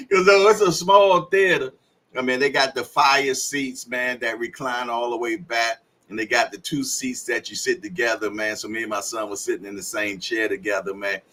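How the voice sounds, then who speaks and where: A man's voice: mid-range voice, a bit bright, rough recording. A man hosting a casual livestream podcast, telling stories loosely with lots of slang fillers and frequent laughter. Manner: laughs often, drawn-out storytelling with slang fillers. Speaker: podcast host.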